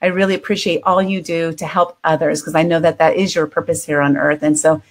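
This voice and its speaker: A woman in her fifties hosts a casual interview. Her voice sits on the low side, and she talks with bubbly enthusiasm and laughs often. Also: level tone, fairly quick. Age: 50s. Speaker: podcast host.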